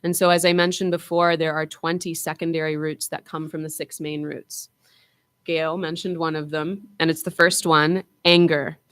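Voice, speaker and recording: A woman minister giving an informal Buddhist dharma talk to a congregation, conversational, with frequent fillers and slowing down for emphasis. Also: low-pitched, little pitch movement, a bit bright, smooth, no room sound.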